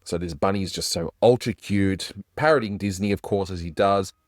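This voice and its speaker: Guy reviewing old cartoons, chatty and keen, low voice, dry close sound. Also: normal speed, no echo. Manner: enthusiastic, chatty, does little voice impressions. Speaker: animation reviewer host. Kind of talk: casual review commentary.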